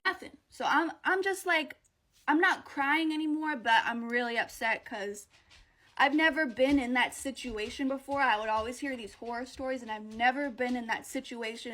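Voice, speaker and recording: Woman vlogger with a high voice, blunt and profane casual storytelling. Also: moderate pace, pushed and bright.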